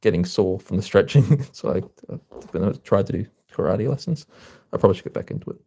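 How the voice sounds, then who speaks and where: A man chatting casually with viewers on a live stream, relaxed and full of filler ums. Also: on the low side, fast talker, gravelly, slightly rough. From Australia.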